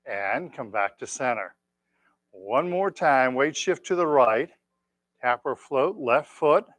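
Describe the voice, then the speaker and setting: Calm man leading a tai chi class. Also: medium pitch, no room sound. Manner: calm, counting out moves slowly. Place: exercise class room.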